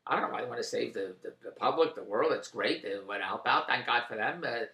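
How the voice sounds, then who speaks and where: Man, rambling indignant monologue, lively pitch, bright tone, echoey room. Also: fast. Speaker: commentator. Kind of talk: opinionated monologue.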